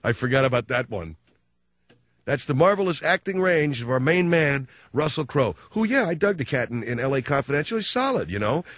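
A man hosting a show, delivering a sarcastic comic rant that swings between loud mocking outbursts and low muttered asides. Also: big pitch swings, a little fast, dry recording, muffled recording.

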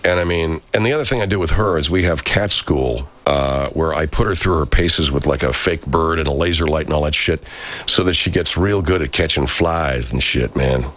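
A man's voice: a bass voice, normal speed, background noise. A man hosting a live stream, chatting casually and reading viewer comments aloud, loose and profane, speaking into a studio microphone. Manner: loose and profane, aside-heavy.

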